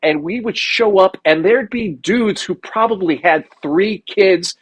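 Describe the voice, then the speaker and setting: Higher-voiced young man telling stories. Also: unhurried, slightly rough, poor audio. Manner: profane storyteller, acts out voices of others. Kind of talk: casual chat.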